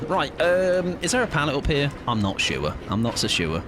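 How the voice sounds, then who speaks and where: A man's voice: on the high side, wildly swooping pitch, moderate pace, noisy background. A young man streaming a game live, chatting in a joking, self-mocking, rambling way.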